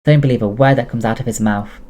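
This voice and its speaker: A man's voice: mid-range voice, quick pace, lightly acted. A man reading aloud, voicing a brash, oversharing French woman who runs a café, with a French accent. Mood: teasing. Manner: loud, teasing, dramatic.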